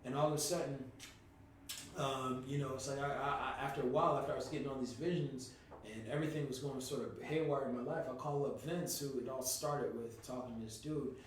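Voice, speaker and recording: A man telling a personal story on a podcast in a casual, animated way, swearing freely and sometimes rising to a shout. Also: mid-range voice, a little fast. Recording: echoey room, distant from mic, faint noise.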